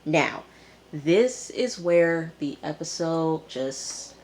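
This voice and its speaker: A woman's voice: deep voice, expressive, extremely slow, a little mellow. A woman giving a casual recap of a TV episode, exclaiming and talking straight to her viewers. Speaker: TV episode reviewer.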